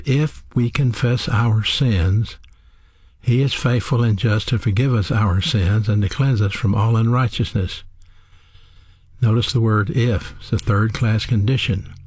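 A man delivers a sermon as a Bible teacher, pacing his points deliberately and posing rhetorical questions. His voice is on the low side with a husky edge. The recording is dry and close, with no room sound. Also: darkish tone, dry recording.

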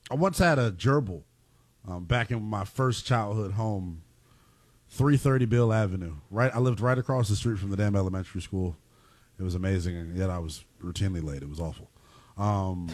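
Man, animated pitch, dry close sound, podcast banter. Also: no room sound.

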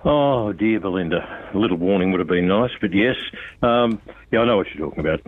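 A man's voice: sits low, lively intonation, a little fast, husky, no echo. Blunt older Australian man on a phone line. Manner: blunt, impassioned, addresses an official directly. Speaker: radio guest, road safety campaigner. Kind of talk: on-air phone interview. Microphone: telephone.

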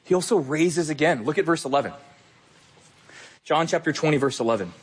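A man's voice: on the high side, lively intonation, brisk, breathy edge. A young adult man preaching a sermon as pastor, earnest and emphatic, speaking straight to his listeners.

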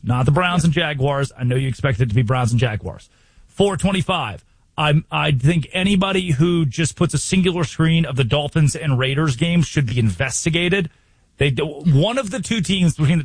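A young man from the United States runs a sports talk show, firing off emphatic rhetorical questions. His voice sits a little high and sounds husky. The recording is close and dry. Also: no room sound. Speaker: sports radio host.

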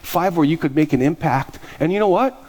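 A man's voice: a little high, lively intonation, a little fast, a little mellow. A male pastor preaching a storytelling sermon, acting out both sides of conversations.

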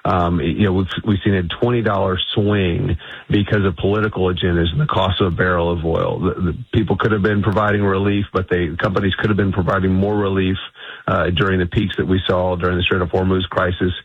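A man's voice: low-pitched, level tone, brisk, slightly rough, dry recording. A man being interviewed on radio as an energy institute CEO, talking emphatically and assertively with frequent restarts. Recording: dull lo-fi radio line.

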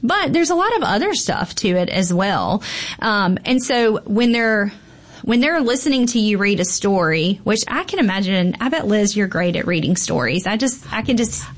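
A woman who works as a pediatrician, talking in a relaxed podcast chat. She is animated and emphatic and repeats key phrases for stress. She speaks at an ordinary pitch with plenty of ums. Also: moderate pace. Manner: animated, emphatic, frequent fillers.

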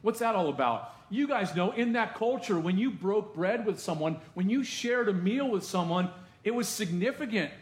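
A male pastor preaching a sermon to his congregation in a lively, conversational way, with asides to the room. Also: high-pitched, normal speed, echoey room. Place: church sanctuary.

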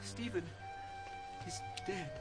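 An actor playing a shaken male messenger who reports grave news in an earnest, often hushed voice. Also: high voice, animated, moderate pace. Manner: earnest, hushed when telling of grief. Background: music.

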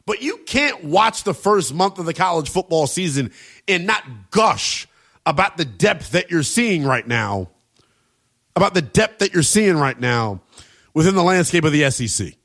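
Energetic man hosting sports talk radio. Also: on the high side, moderate pace. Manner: energetic, brash, joking. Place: radio studio.

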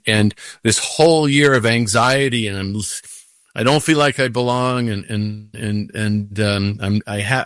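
An older man, a professional golfer as guest, telling a story casually in an animated way, acting out what he said to himself. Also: mid-range voice, dry recording, studio quality. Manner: animated storytelling with acted-out inner voices.

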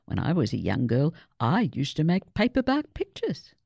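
A woman voicing a gentle, wise grandmother in a children's story read aloud. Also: sits low, huge pitch swings, normal speed, gravelly, breathy edge, no echo, dull audio, exaggerated voice. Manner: gentle, encouraging.

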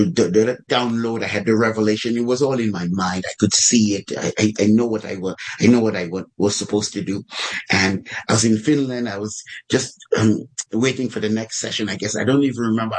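A man preaching a sermon, acting out prayers with a raised voice and lively delivery. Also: fairly low pitch, husky, low-quality recording.

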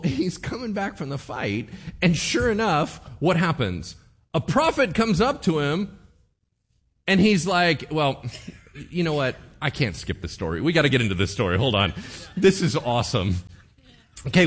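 A man preaching a sermon, telling a Bible story playfully and acting out the characters in quick bits. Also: a little high, sing-song, husky. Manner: playful, acts out characters with voices and laughs. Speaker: pastor.

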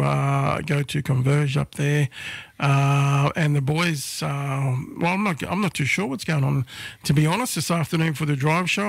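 A man hosting a breakfast radio show with a hoarse, croaky voice, chatting casually and rambling with many fillers. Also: on the high side, no echo.

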